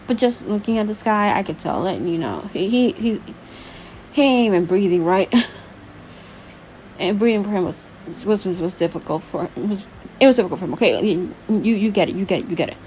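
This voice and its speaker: A young woman casually reads a novel aloud in a brisk, medium-pitched, slightly mellow voice, breaking off for chatty, playful asides and laughs. The recording is low quality, with a little hiss or hum.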